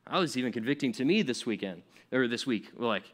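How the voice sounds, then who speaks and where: A man's voice: medium pitch, lively intonation, fast talker. Casual young man preaching to teens. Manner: casual, conversational, many fillers and restarts; acts out grumbling quotes. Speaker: youth pastor. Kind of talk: sermon to teens.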